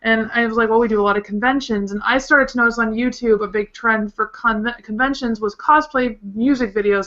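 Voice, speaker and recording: Bright, chatty young vlogger woman. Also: on the high side, highs cut off. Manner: chatty, filler-heavy, eager. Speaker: vlogger guest. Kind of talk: casual chat.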